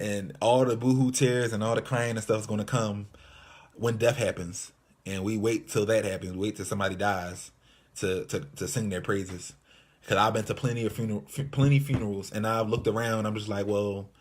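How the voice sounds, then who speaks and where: A man's voice: fairly low pitch, slightly rough. A man, a mime minister, venting candidly and from the heart in a personal video monologue from his apartment, often repeating his phrases. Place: apartment room with white walls.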